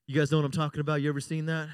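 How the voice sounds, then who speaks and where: High-voiced joking pastor preaching. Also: male voice, darkish tone, clean tone, no echo, clean studio sound. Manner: jokey, conversational preaching with frequent call-outs for amen. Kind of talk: sermon.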